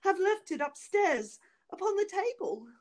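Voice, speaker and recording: A woman voicing a frightened young noble wife who pleads for her life in a high, anxious voice. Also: very animated, unhurried, heavily acted. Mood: pleading.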